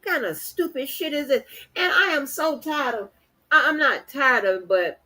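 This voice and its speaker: A woman's voice: sits high, animated, normal speed, sharp tone. A woman hosting a livestream, talking bluntly and defiantly with heavy profanity and repeated words. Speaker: channel host. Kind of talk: livestream rant.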